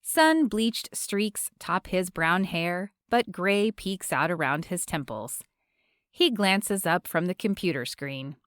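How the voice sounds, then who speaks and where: A woman narrating a romance audiobook in a measured, expressive reading from a close studio mic. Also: on the low side, no echo.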